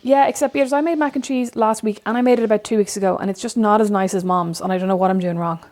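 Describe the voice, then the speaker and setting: With a darkish, steady, medium-pitched voice and a fast delivery, this Irish woman in her thirties rambles through stories full of fillers while co-hosting a laid-back podcast chat.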